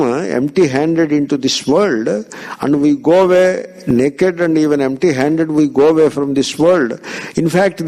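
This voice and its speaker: A man teaching a spiritual discourse. His voice sits a little high, and he draws out words, pausing often and weaving in Sanskrit terms. The delivery is patient and explanatory. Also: a little mellow. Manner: measured, drawn-out teaching with frequent pauses and Sanskrit terms.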